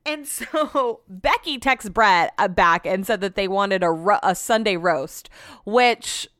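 This podcast host is a chatty young woman whose voice is smooth, dry, and medium in pitch, with a slow pace and no echo. She tells a story in casual, animated chat, quoting herself and others and laughing along the way.

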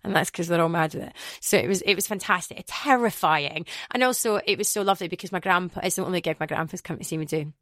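A Scottish woman from Glasgow, a DJ guest in a casual interview, telling stories in an animated way and acting out the voices she quotes. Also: on the low side, fast talker, few pauses, no room sound, clean studio sound. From Glasgow, Scotland. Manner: animated storyteller who acts out quoted voices.

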